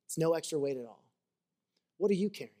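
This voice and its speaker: A man's voice: a little high, lively intonation, quick pace, dark tone. A man preaching a sermon as a pastor, earnest and conversational, mixing scripture with personal stories.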